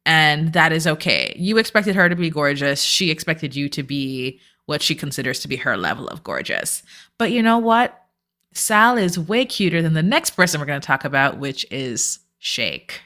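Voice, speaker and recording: A woman co-hosts a casual podcast recap, talking bluntly and sarcastically. Her voice sits a little low but swings through a wide, animated range. It has a bright, forceful edge. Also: moderate pace. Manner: blunt, sarcastic, swears freely. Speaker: podcast co-host. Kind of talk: casual reality-TV recap chat.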